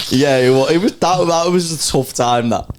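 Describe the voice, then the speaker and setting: A man's voice: a little high, normal speed, slight background noise. Laid-back young man telling a story. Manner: rambling storyteller with a laid-back delivery and frequent fillers. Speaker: podcast co-host. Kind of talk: casual chat.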